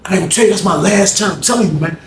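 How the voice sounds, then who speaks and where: A man animatedly telling a story, acting out other people's voices in loud, high bursts. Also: rapid-fire. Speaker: storyteller recounting jail events. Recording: echoey room with faint background noise.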